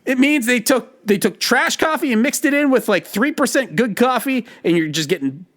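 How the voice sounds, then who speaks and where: A man co-hosting a podcast, talking in casual banter, emphatic and quick to laugh. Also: very high-pitched. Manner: animated and emphatic, laughs often. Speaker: podcast co-host.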